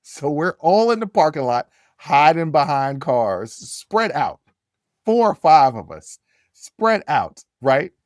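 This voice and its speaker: A man hosts a podcast and tells a story in a loose, casual way. His voice sits a little high and turns animated, repeating himself as he builds the tale. The sound is dry and close, with no room around it. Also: takes it slowly, dry recording. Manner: animated, repeats phrases, jumps to high yells when quoting. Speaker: podcast host.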